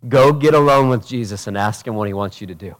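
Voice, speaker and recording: A man, a pastor, preaching a passionate sermon, swinging from loud urgent peaks to quiet intimate asides and asking the congregation direct questions. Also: on the low side, fast talker. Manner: preaches with rhetorical questions and acted quotes.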